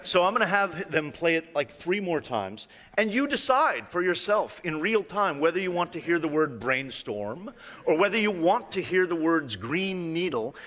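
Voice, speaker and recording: Male illusionist presenter, bright tone, chatty and playful with a live crowd, big reverberant hall. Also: fairly high pitch, big pitch swings, moderate pace. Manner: conversational, playful, asks the audience questions. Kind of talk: live stage talk with demonstrations. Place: large hall with live audience.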